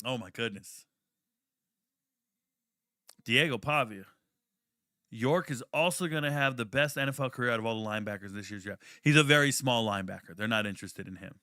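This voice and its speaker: A young man hosting a live draft watch party, chatting casually and telling stories in a slangy, profane, animated way with sudden loud outbursts. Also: lowish voice, smooth, dry recording, studio quality. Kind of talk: casual live commentary and storytelling.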